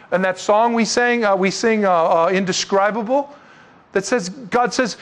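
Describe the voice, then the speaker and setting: Animated, high-voiced man teaching scripture. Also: moderate pace. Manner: animated and conversational, joking asides and rhetorical questions. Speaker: Bible teacher. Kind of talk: evening Bible study teaching.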